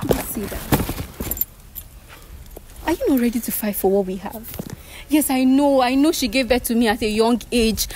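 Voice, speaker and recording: A young woman pleads with her partner, emotional and insistent. Her voice is fairly high. Faint background noise surrounds her. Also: a little slow, pauses often, a little mellow, low-quality recording. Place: outdoors at a block-making yard.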